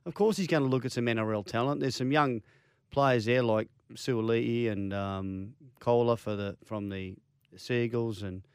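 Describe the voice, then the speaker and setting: A man's voice: medium pitch, steady tone, moderate pace, clean tone, no room sound, studio quality. A man with an Australian accent co-hosting a sports radio show, chatty and rambling, often restarting his sentences. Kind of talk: casual sports radio banter. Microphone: studio microphone.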